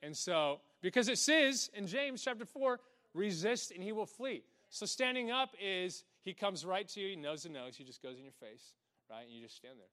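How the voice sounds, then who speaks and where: A man preaching a lively sermon, animated, often laughing and acting out little voices. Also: high voice, moderate pace.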